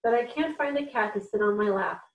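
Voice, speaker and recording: A woman's voice: fairly high pitch, a little fast, recorded from a distance, muffled recording, lightly acted. Woman reading as a pharaoh king, commanding yet wistful, storybook reading, echoey room, voice set back from the mic. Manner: commanding, then weary and wistful. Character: moody, grand ancient Egyptian pharaoh, man.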